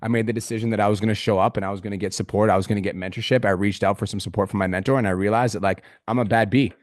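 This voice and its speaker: A man coaching a client on a group video call, swearing constantly in a pumped-up motivational manner with sudden loud outbursts. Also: lowish voice, fairly even intonation, rapid-fire, no room sound, studio quality. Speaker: business coach.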